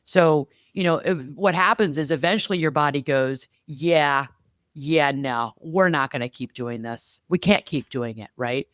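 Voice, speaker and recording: A woman co-hosting a podcast, telling stories in a lively, chatty way. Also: sits low, unhurried, dry recording, studio quality. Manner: animated storyteller, lively and chatty. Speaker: podcast co-host. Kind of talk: casual podcast conversation.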